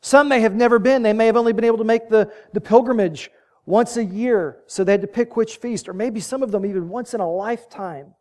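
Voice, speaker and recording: A man's voice: high-pitched, brisk, darkish tone. A man preaching a sermon, telling the story vividly and building to emphatic peaks.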